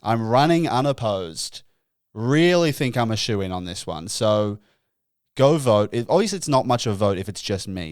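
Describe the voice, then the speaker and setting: Mock-pompous podcast host. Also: male voice, fairly low pitch, no room sound, clean studio sound. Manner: mock-pompous, self-deprecating, with chuckles. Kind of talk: solo comedic podcast monologue.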